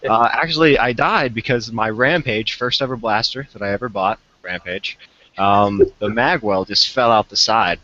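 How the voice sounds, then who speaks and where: Man with a bright, forceful voice. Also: lowish voice, moderate pace. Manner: relaxed, self-deprecating, hesitant with fillers. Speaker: podcast guest. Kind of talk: casual podcast chat. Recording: dull lo-fi remote call audio.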